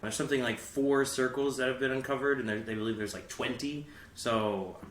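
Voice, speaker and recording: Bright-voiced man explaining casually. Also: mid-range voice, steady tone, moderate pace, echoey room, a little hiss or hum. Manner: loose explaining with many fillers. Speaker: podcast co-host. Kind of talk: casual podcast chat.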